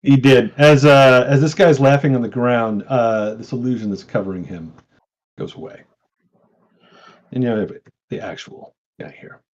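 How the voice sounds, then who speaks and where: A man narrating a tabletop game as game master, in a relaxed, chatty way with many fillers. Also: mid-range voice, moderate pace.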